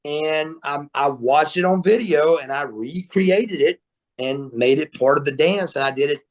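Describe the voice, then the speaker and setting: Man, slightly high voice, podcast guest, animated storyteller, repeats himself. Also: measured pace. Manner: animated storyteller, repeats words, laughs often. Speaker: guest, former wrestler. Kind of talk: storytelling interview. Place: remote interview, podcast.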